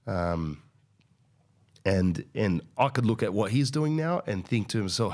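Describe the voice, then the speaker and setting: A deep-voiced man riffs through a casual podcast monologue. He hesitates often, restarts his sentences, and swears freely, like a comedian thinking out loud. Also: lively intonation, unhurried. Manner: hesitant, many fillers and restarts, profane.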